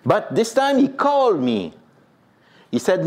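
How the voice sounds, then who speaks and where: A priest tells a personal story in an animated way, often saying "you know". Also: male voice, high-pitched, unhurried.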